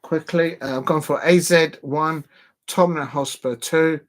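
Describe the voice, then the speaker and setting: A man's voice: fairly high pitch, fairly even intonation, unhurried. A man hosting a football watch-along livestream in casual, rambling chat, calling out to the fans watching. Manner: rambling, chatty, addresses fans directly. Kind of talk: casual live-stream chat.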